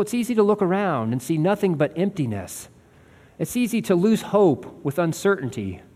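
A man's voice: on the high side, a little mellow, long reverb tail. A man preaching a sermon as a pastor, earnest and conversational, asking his listeners rhetorical questions.

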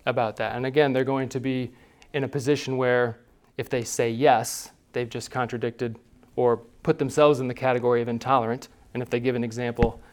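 A man's voice: mid-range voice, flat delivery, brisk, few pauses. Male class teacher, conversational, mid-range voice, quizzes the room.

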